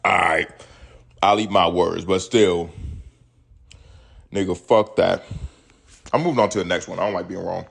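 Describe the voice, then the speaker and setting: Man in his thirties, podcast host, gravelly voice, lowish pitch, profane rambling commentary. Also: steady tone, normal speed, long pauses, fairly bright tone. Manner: profane, rambling, reads news stories aloud and riffs on them. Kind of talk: casual solo podcast commentary.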